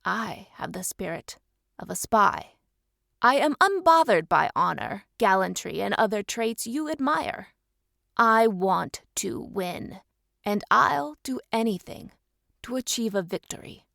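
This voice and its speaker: A woman narrator voicing a secretive, ruthless male spy who speaks low and measured. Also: big pitch swings, gravelly, a bit bright, dry recording, clean studio sound, exaggerated voice. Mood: cold.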